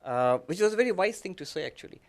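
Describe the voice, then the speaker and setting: Gentle monk, fairly high voice. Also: male voice, animated, quick pace. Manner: gentle, with frequent fillers and soft laughs. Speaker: monk giving a talk. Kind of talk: reflective lecture with personal story.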